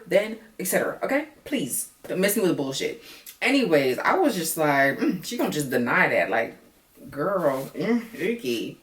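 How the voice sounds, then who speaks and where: Low-voiced woman ranting in an echoey room. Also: very animated, a little slow. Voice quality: blunt, profane, sassy. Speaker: reality TV reviewer. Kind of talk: casual ranting recap. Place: apartment at night, noisy renovations upstairs. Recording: echoey room, mic at a distance.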